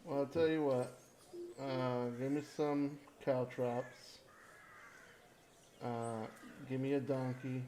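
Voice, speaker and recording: Very slow, mid-pitched man, tabletop player. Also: little pitch movement, mellow, a little hiss or hum. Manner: unhurried, listing items. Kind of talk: casual tabletop play.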